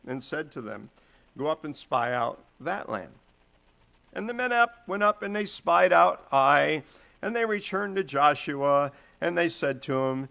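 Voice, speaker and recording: A man's voice: a little high, vocal fry, sharp tone. A man teaching a Bible study, retelling scripture in casual, modern phrasing.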